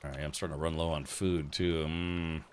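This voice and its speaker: A man's voice: extremely low pitch, flat delivery, fairly quick, darkish tone, a little hiss or hum. A man hosting a let's play stream, chatty and easily distracted while he plays. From United States. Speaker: streamer host.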